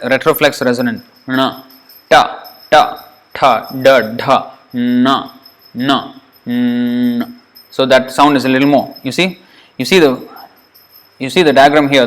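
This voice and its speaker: A patient male teacher walks through pronunciation one sound at a time. He says each syllable slowly and repeats it so the listener can hear it clearly. His pitch is middling and his explanations are plain, with the odd light aside. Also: a bit bright. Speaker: Sanskrit teacher. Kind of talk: pronunciation lesson.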